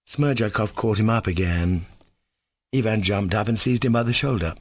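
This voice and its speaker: A man narrating an audiobook in a steady, measured reading voice. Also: fairly low pitch, dry recording, studio quality. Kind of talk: scripted narration.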